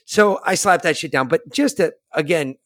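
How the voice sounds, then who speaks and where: A man's voice: on the high side, moderate pace, a bit bright, no echo, clean studio sound. A man hosting a podcast, telling a story in a blunt, profane, casual way and acting out the dialogue. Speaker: podcast host.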